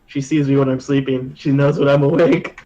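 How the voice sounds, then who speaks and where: A man's voice: mid-range voice, level tone, fairly quick, muffled recording, background noise. A man speaking as a player in a tabletop role-playing game, voicing his paranoid character in an offhand, matter-of-fact way.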